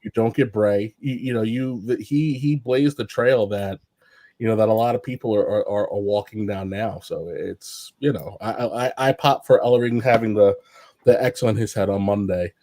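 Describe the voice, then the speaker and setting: A man's voice: on the low side, normal speed, no echo. A man on a wrestling podcast panel telling stories in casual chat, with a lot of fillers and restarts. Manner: rambling, many fillers and restarts; animated, acts out quotes in raised voice.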